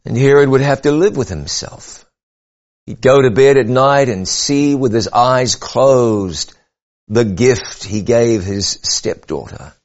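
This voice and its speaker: A man preaching a sermon, earnest and measured, rising and falling for emphasis. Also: mid-range voice, darkish tone, highs cut off.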